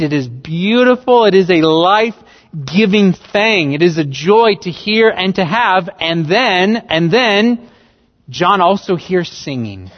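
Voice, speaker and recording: A man preaching a sermon as pastor, delivering it emphatically and rising in pitch and volume on key words. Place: church sanctuary. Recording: dull livestream audio in a reverberant hall.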